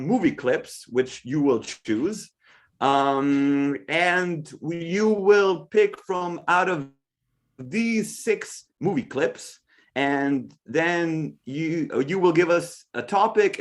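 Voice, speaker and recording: Slow, hesitant man explaining a game. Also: a little high. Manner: slow, hesitant, full of ums. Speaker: improv performer explaining a game. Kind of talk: live improv comedy. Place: small theater stage.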